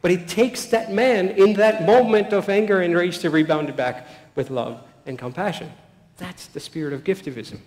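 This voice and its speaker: A man giving a public talk full of stories, acting out quoted voices and dropping to a soft voice at key points. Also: sits high, moderate pace. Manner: animated, anecdotal, acts out quotes, soft-spoken at key points. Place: large hall. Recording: echoey hall with long reverb.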